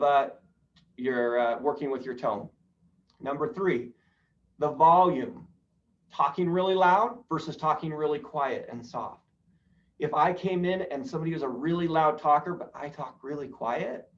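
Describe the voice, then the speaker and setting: A man with a fairly high voice runs a live sales training, talking his trainees through each point and tossing questions to the group before answering them himself. He sounds set back from the mic. The audio is muffled and lo-fi. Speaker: real estate sales trainer. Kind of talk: live training talk on rapport. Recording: distant, dull lo-fi sound.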